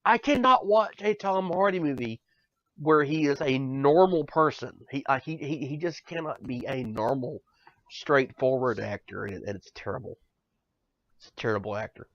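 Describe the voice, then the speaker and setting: A man's voice: mid-range voice, moderate pace, fairly bright tone, dry recording. A man co-hosting a podcast in casual banter, ranting with profanity and stammering repeats. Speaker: podcast co-host. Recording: dull lo-fi sound, dry.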